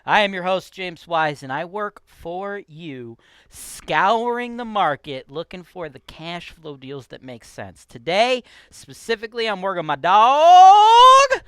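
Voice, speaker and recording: A man's voice: sits high, lively intonation, a little slow, a bit bright, clean tone, dry recording. A man from Cleveland, Ohio with a Cleveland accent, hosting a real estate show in a brash, profane, ranting style. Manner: brash, profane, keeps asking "right?". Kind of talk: casual ranting vlog.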